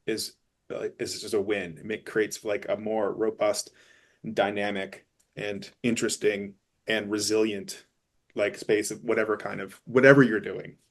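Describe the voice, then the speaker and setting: A man on a webinar panel, thinking aloud in a halting, thoughtful way with many restarts. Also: fairly low pitch. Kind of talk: casual conversational talk.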